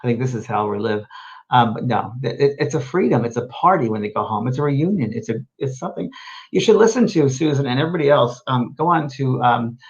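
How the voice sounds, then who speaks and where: Gentle rambling man on dull audio. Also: mid-range voice, expressive, quick pace. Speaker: host and medium. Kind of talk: casual live show answering viewer questions.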